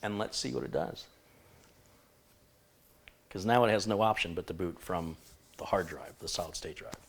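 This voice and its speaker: Male live-stream tech host, somewhat low voice, chatty and rambling, corrects himself mid-sentence. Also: moderate pace, vocal fry, slight background noise. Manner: thinks aloud, rambling with self-corrections. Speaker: computer repair host.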